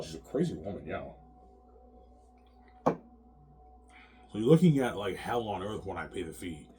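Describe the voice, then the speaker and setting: A man with a deep, low voice delivers an agitated, rambling monologue. He swears often, repeats himself, and keeps ending his phrases with "man." Faint noise sits behind him. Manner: agitated, profane, repetitive, ends phrases with "man".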